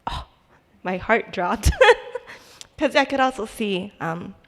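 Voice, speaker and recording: A woman's voice: medium pitch, slow pace, creaky, a bit bright. A young adult woman giving a personal testimony at church in a conversational, hesitant way, with frequent restarts and fillers. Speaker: church speaker sharing a testimony. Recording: long hall reverb.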